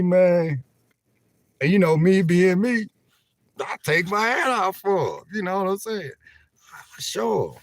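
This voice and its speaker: An older man chats casually to his viewers in an animated, laughing way, often repeating himself. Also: a little high, measured pace, no echo. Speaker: vlogger livestreaming. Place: inside a van.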